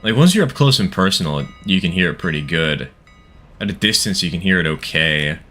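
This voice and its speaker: A man's voice: deep voice, lively intonation, brisk, fairly bright tone. A man streaming a game live, chatting casually with his viewers and laughing often. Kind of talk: casual live-stream chat while playing.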